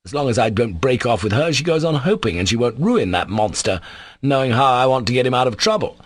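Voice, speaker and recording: A man voicing a bitter, sardonic young man in an audiobook, sharp and contemptuous in tone. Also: medium pitch, very animated, a little fast, no echo, voice pushed up. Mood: irritable. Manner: sharp, contemptuous, scornful delivery. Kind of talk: audiobook character voice.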